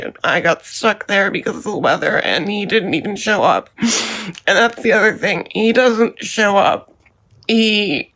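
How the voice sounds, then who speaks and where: A woman giving a personal statement, halting and pausing with many ums. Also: mid-range voice, sharp tone.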